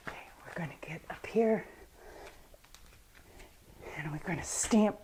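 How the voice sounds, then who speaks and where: Slow, patient woman leading kids' yoga. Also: lowish voice, lively intonation, slightly rough. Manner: patient, encouraging coaching of children. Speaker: children's yoga teacher. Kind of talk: storybook reading with kids' yoga instruction.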